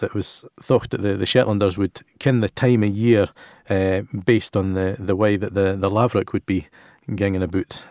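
A Scottish man chatting casually on a radio show, halting and restarting as he tells local lore in Scots words. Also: deep voice, darkish tone, dry recording, clean studio sound.

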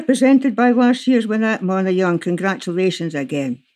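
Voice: mid-range voice, normal speed, a little mellow. A podcast host with a Scottish accent, interviewing guests in a friendly, conversational way.

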